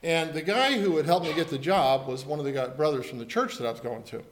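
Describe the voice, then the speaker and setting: A man's voice: fairly high pitch, fast, a little hiss or hum. A middle-aged man preaching a sermon in an earnest, storytelling manner and leading the congregation in a simple song. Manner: earnest, storytelling, leads singing. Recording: echoey room.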